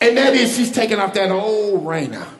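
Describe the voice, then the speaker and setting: High-voiced preacher shouting call-and-response. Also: male voice, very animated, moderate pace. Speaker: pastor. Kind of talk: sermon. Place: church sanctuary. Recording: echoey church hall with music.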